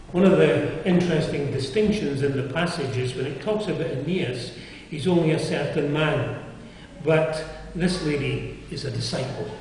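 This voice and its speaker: Recorded from a distance in an echoey chapel with a noisy background, an older man from England delivers a sermon. His voice is on the high side, and his manner is earnest and conversational, with frequent questions to the congregation.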